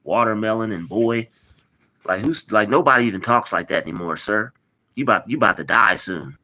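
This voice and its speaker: Bright-voiced man mocking chat on a live stream. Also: lowish voice, fairly quick. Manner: mocking, repetitive, replies to chat.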